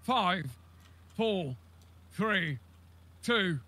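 A man playing a foul-mouthed, rowdy character in a role-play game, speaking slowly and drawn-out. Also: high-pitched, animated, sharp tone, slightly rough, heavily acted. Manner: slow, drawn-out, cursing.

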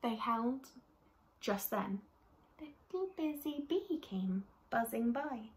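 Woman reading a kids' story, takes her time, gentle, talks right to the kids, a bit high. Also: slow, roomy sound. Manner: gentle, expressive, addresses children directly. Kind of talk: reading a children's story aloud.

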